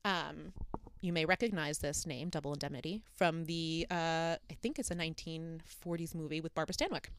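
Brief: young woman podcast host, smooth clear voice, casual true-crime narration, dry close mic. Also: low-pitched, a little fast, no room sound. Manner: chatty storytelling with frequent fillers.

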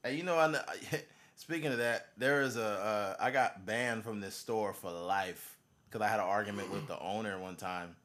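A man's voice: lowish voice, moderate pace, a bit bright. A man co-hosting a podcast in casual chat, joking and telling crude, profane stories. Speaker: podcast co-host.

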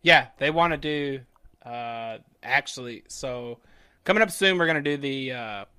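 A man from Florida with a Southern accent, co-hosting a casual podcast and telling stories with lively quoted back-and-forth. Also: mid-range voice, unhurried, clean tone, no room sound, studio quality. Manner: animated storyteller, acts out quoted dialogue. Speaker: podcast co-host. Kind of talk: casual chat.

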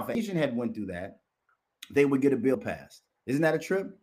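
Sex: man. Style: profane ranting commentary. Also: medium pitch. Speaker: commentator reacting to clips.

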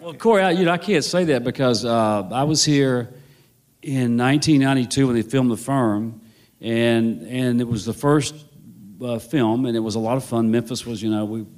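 In a medium-pitched, darkish voice at a normal pace, a male novelist recounts an anecdote as a guest. The telling is wry and meandering, and he repeatedly restarts and corrects himself.

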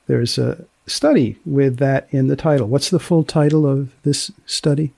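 A man's voice: mid-range voice, moderate pace, creaky, darkish tone, no echo. A man hosting a podcast, prompting his guest with brief, dry questions. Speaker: podcast host. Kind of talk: podcast interview.

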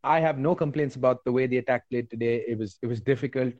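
A man co-hosting a football podcast, speaking in a measured, somewhat hesitant way. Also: medium pitch, a little mellow, dry recording. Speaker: podcast co-host. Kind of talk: casual football call-in chat. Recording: dull dry podcast audio.

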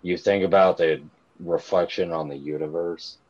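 A man's voice: low voice, steady tone, moderate pace, highs cut off, over a noisy crowd. A man in a casual group chat, rambling and swearing a lot, earnest as he tells stories. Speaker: guest on a cannabis livestream chat.

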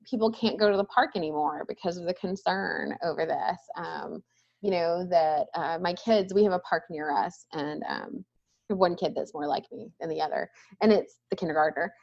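A woman's voice: fairly low pitch, normal speed, creaky, darkish tone, lo-fi sound. A woman in her thirties talking as a guest in a casual conversation, thoughtful and often ending points with a questioning "right?".

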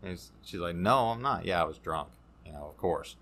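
A man, a podcast guest telling his recovery story in a halting, casual way, full of fillers and restarts. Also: deep voice, fairly even intonation, a bit bright.

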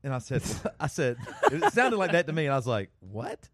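A man co-hosting a casual podcast, telling stories with lively laughter. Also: a little high, brisk, no room sound, clean studio sound. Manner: lively storyteller who laughs as he talks. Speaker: podcast co-host. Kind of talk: casual chat.

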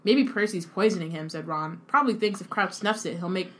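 A woman's voice: fairly low pitch, brisk, a bit bright. A woman co-hosting a casual read-along stream, reading passages and commenting on the characters with slang. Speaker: co-host reading a book aloud on stream.

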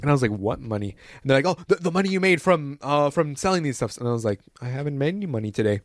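A man's voice: a little high, animated, quick pace, no room sound. A young man casually telling a profane school story on a podcast, acting out the people he quotes. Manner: profane, acts out quoted voices.

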